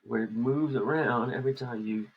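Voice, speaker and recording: A man's voice: mid-range voice, normal speed, husky, highs cut off. A man co-hosting a podcast, chatting casually while lettering a comic page. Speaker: comic artist and podcast co-host.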